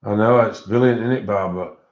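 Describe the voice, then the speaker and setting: On a colouring live stream, the host rambles casually and calls out viewers by name. He talks fairly quickly in a voice on the low side, over dull, lo-fi stream audio.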